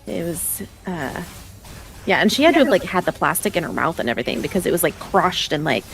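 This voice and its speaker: Gravelly and fairly low, this young woman's voice is very animated and a little fast. She's streaming a game, chatting loosely into her desk microphone and laughing a lot while telling rambling stories.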